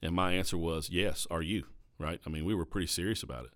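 Deep-voiced Southern American pastor, earnest. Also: male voice, fast talker, fairly bright tone. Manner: earnest, confessional, keeps tagging questions. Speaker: pastor and podcast host. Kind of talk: casual podcast conversation.

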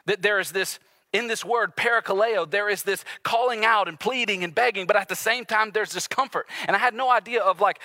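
A male pastor preaching a sermon earnestly and confessionally, swinging between loud urgency and hushed intimacy. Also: sits high, fairly quick, no echo, studio quality. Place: church sanctuary with live and online audience.

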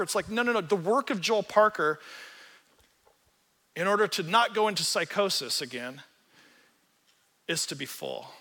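A man pastor preaching a sermon in an animated, earnest storytelling way, acting out the quotes he tells. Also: high-pitched, normal speed, pauses often, slightly rough, in a large hall.

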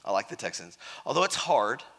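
Animated preacher in a reverberant hall. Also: male voice, medium pitch, brisk, gravelly. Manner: animated, conversational, acts out quotes. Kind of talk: sermon.

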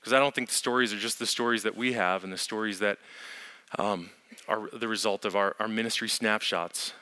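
A man's voice: fairly low pitch, fairly even intonation, fairly quick, bright, forceful tone. A man speaking from the front of a church, earnest and thankful as he addresses the congregation. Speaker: pastor.

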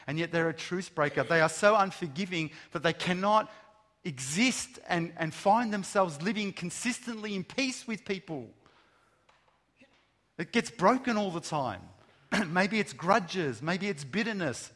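A man delivers a sermon in a somewhat higher voice than most men. He leans on rhetorical questions and slows down to stress each word of a list. A long hall reverb trails behind every phrase. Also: fairly bright tone. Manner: emphatic, rhetorical questions, slow stressed lists of words. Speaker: pastor. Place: large room with an audience.

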